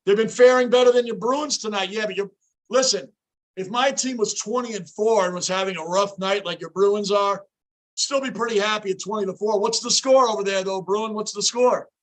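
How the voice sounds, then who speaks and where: A hoarse, worn-out male livestream host reacting to a hockey game, excitable and emotional, shouting at the action and chatting with viewers by name. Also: sits high, fairly quick. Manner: chats with viewers by name, off topic. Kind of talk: casual live reaction chat.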